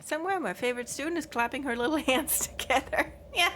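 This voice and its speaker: A woman with a high, fairly bright voice talks fairly quickly over a little hiss or hum. As a let's play streamer, she gives casual commentary on a video game, chatting to herself and her pets, squealing and swearing while she plays.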